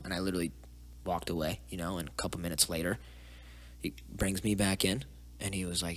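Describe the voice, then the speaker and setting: Deep-voiced man telling his story, profane. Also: fast. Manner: rambling, profane, drops to hushed asides. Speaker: podcast guest. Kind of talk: casual storytelling interview.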